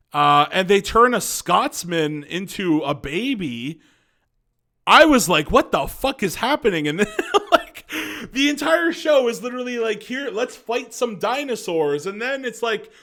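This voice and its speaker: A man's voice: high voice, a bit bright. A young man giving casual, rambling commentary as a video reviewer, chatty and profane, laughing often and stumbling over words. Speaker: YouTube show reviewer.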